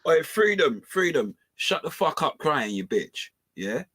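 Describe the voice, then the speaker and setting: A man's voice: on the high side, big pitch swings, a little slow, pushed and bright, husky. A man on a livestream panel, aggressive and taunting, swearing heavily. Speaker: panel guest. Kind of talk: casual livestream panel talk.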